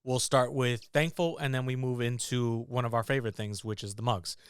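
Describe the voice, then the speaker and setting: A man co-hosting a podcast in casual chat, easygoing and relaxed, with plenty of fillers. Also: mid-range voice, fairly quick, clean tone, no room sound, studio quality. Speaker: podcast co-host. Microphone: studio podcast mic.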